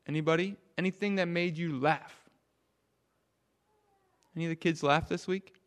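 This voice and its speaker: A man leading a children's sermon, asking the kids questions and swinging from loud emphasis down to a near hush. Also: fairly high pitch, moderate pace. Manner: animated, drops to a hush for emphasis. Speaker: pastor.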